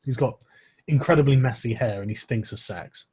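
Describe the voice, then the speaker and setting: A man's voice: medium pitch, moderate pace, darkish tone, slightly rough. A man running a tabletop role-playing game as game master, narrating scenes and rulings.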